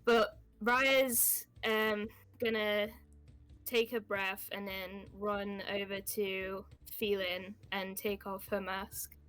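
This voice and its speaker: Slow, giggly woman playing a tabletop game. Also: mid-range voice, flat delivery, fairly bright tone, clean tone. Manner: halting, giggly, many fillers. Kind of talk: casual game narration.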